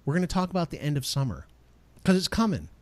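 Animated middle-aged man, lively pitch. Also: fast, dry recording. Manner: animated, acts out quotes in exaggerated voices. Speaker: podcast co-host. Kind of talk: casual podcast chat.

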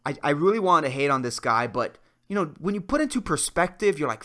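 A man's voice: a little high, sing-song, fairly quick, hardly any pauses, a bit bright. A young man hosting a solo comedy podcast, ranting with lots of swearing and swinging between worked-up outbursts and mumbled asides. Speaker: podcast host. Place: Puerto Rico.

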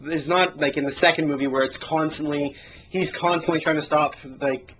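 A man's voice: on the high side, fairly even intonation, normal speed, sharp tone, rough recording. A man co-hosting a casual movie podcast, rambling with lots of fillers and restarts. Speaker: podcast co-host.

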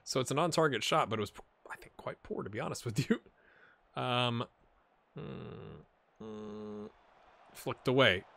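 A man casually commentating his own football video game, excitable and wry, jumping from loud cheering to quiet muttering. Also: mid-range voice, measured pace, gravelly, long pauses. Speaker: gaming channel host.

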